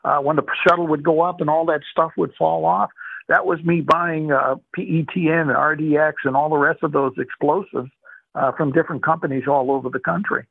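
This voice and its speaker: A slightly high, steady male voice moves at a brisk clip, with vocal fry and a breathy edge. He's an older retired man from Boston recounting his life for an oral history interview, rambling and warm, restarting often and leaning on fillers. There's no echo; the audio is tinny and dry, much like a telephone.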